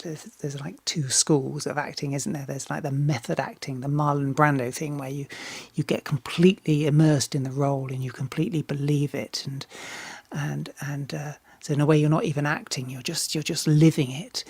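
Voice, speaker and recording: A woman's voice: sits low, a little mellow, husky, no echo. A woman singer talking casually as she reacts to a music video, often restarting and repeating words, swearing freely and getting enthusiastic.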